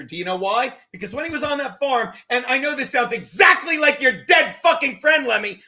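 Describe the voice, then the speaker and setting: A man's voice: extremely high pitch, pushed and bright. A man hosting a podcast livestream, ranting in a heated, rambling way and swearing constantly. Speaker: podcast host. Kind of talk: profane livestream rant.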